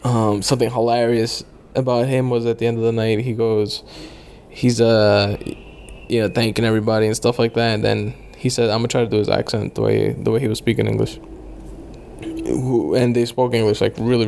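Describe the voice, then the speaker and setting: A man's voice: medium pitch, little pitch movement, fairly quick, creaky, a little mellow, slight background noise. A young man chatting loosely about his travels, rambling with lots of fillers and casual swearing. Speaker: travel vlogger.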